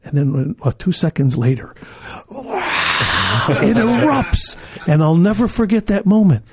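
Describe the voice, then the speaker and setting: An older man from Chicago, a podcast guest telling an animated story, acting out other people's lines and laughing as he goes. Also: on the high side, a little slow, crowd noise. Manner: acts out other people's lines, repeats himself, laughs as he talks.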